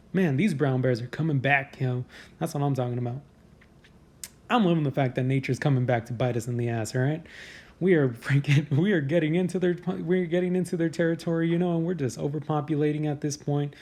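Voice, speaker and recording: An American man with a mellow, mid-range voice hosts a comedy news podcast. He riffs on the headlines in a casual, crude, and sarcastic way.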